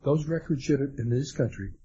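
A man's voice: mid-range voice, brisk, dark tone. A man answering as the guest of an interview, hesitant and stumbling through his answers with many fillers. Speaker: guest author. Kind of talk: conversational interview. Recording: dull lo-fi sound with faint noise.

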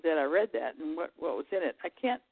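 A woman's voice: deep voice, very animated, slightly rough, no room sound. Rambling woman on a tinny phone line. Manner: rambling, halting, trails off. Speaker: call-in guest. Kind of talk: casual radio call-in chat.

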